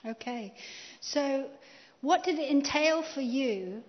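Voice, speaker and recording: A woman interviewing a guest at a church gathering, lively and often laughing. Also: high-pitched, slow pace, in a large hall, dull audio.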